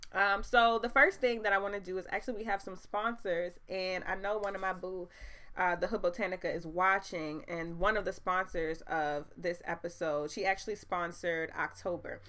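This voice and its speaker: A young woman hosting her own podcast as a live stream, chatting straight to her audience in an animated way and laughing often. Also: lowish voice. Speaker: podcast host. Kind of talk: casual live-stream chat.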